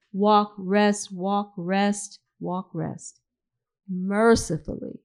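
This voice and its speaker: A woman reads a literary story to listeners, taking her time over each sentence. Her pitch sits in the middle of the range, and her delivery stays slow and even. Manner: measured, unhurried storytelling. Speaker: reader. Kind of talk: literary fiction reading.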